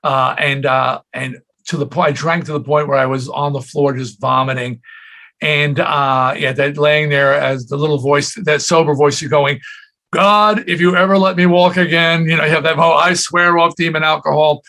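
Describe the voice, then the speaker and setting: A man's voice: on the high side, normal speed, gravelly. A man in his sixties, a rock singer telling stories in a casual interview, slipping into quoted voices as he goes. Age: 60s. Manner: animated storyteller, jumps into quoted voices.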